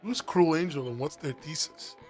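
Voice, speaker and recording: A man's voice: on the high side, normal speed, soft background music. A man chatting casually on a stream, joking, swearing and laughing often. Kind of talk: casual stream chat reacting to videos.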